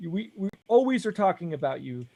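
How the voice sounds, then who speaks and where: High-voiced man, earnest and effusive. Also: sing-song, brisk, darkish tone, dull audio. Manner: earnest and effusive, open about his feelings. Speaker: co-host. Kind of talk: casual livestream chat.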